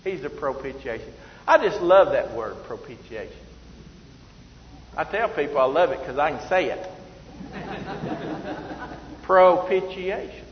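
Preacher guy, folksy and self-joking, kinda high voice, big echoey church, muffled sound. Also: expressive, unhurried, pauses often, slight background noise. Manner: folksy storytelling, laughing at himself. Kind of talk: sermon. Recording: roomy hall, slightly dull sound.

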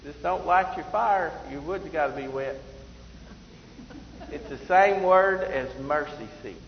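Folksy preacher in an echoing hall. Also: male voice, fairly high pitch, slight background noise. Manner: folksy storytelling, laughing at himself. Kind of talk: sermon. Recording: roomy hall, slightly dull sound.

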